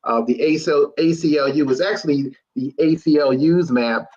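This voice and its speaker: A man on a political roundtable panel, explaining earnestly with halting restarts. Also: fairly high pitch, a little mellow. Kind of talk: political discussion. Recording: dull lo-fi sound.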